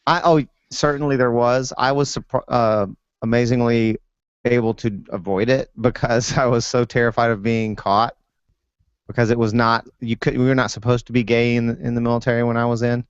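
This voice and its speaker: A man talks in a middle pitch, with frequent restarts as he tells his stories. The sound is dry and dull, like an audio call. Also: steady tone, clean tone, no room sound. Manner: halting, storytelling with many restarts. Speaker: guest. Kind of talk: casual chat.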